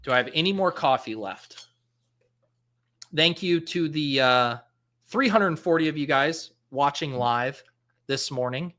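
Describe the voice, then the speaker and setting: A man's voice: on the high side, animated, unhurried, long pauses, bright, forceful tone. A man in his thirties hosting a live stream in casual chat, thinking aloud with lots of fillers and restarts. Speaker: fantasy football podcast host.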